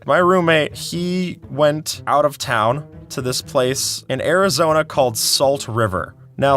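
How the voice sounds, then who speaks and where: A man's voice: on the high side, a bit bright. A young man telling casual personal anecdotes in a chatty way, full of "like"s and acted-out quotes. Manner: chatty, many "like"s, acts out quoted voices. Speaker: storyteller.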